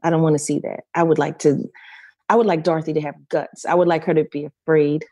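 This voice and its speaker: A middle-aged woman speaks as an interview guest, her voice mellow and a little low. She tells her story with feeling, often circling back, repeating and restarting her phrases. The sound is dry and close. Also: level tone, fast, dry recording. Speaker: guest performer.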